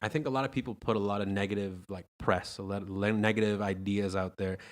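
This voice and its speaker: A man's voice: on the low side, fairly even intonation, fast. A man hosting a podcast in casual chat, rambling and full of "like" and restarts. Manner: rambling, heavy use of "like", many restarts. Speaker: podcast host. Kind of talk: casual conversational interview. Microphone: podcast microphone, also streamed live on video.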